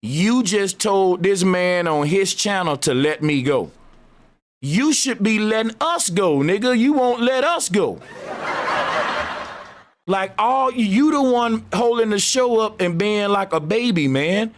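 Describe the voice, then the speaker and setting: A man's voice: high-pitched, lively intonation, slow. A man in a heated live debate, arguing insistently and repeating his points. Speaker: debate show host.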